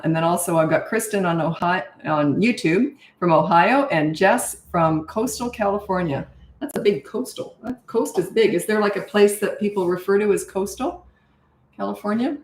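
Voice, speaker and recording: An older woman, a parenting coach, chatting casually as she hosts a live stream, greeting viewers and laughing often. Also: on the low side. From Canada and Australia. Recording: roomy echo.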